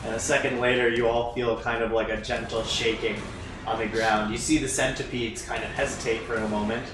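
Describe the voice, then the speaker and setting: A man's voice: mid-range voice, flat delivery, fairly quick. A man narrating a tabletop game as game master, in a loose style with many fillers and chuckles. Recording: echoey room, distant mic, music.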